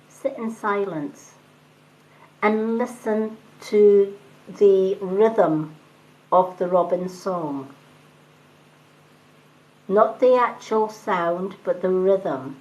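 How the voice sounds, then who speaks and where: A woman's voice: mid-range voice, lo-fi sound. Chatty woman reading for live viewers. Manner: gentle, chatty, addresses viewers as honey. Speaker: tarot reader on a live stream. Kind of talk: casual spiritual talk to live viewers.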